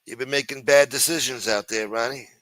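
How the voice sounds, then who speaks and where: A man's voice: mid-range voice, steady tone, a little fast, a bit bright, no room sound. A man hosting a casual livestream show, rambling and teasing with plenty of profanity. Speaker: show host.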